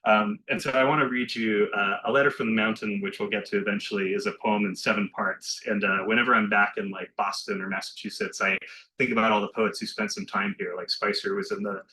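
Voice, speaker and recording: A man with a low voice and a bright, forward tone reads his poetry to a small live audience. Between poems he chats in a loose, self-deprecating way. He reads the poems themselves slowly and deliberately, over a faint hum of room noise. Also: steady tone, low-quality recording. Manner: chatty and self-deprecating between poems, slow and measured when reading. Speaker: poet reading his work. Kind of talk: poetry reading with casual asides.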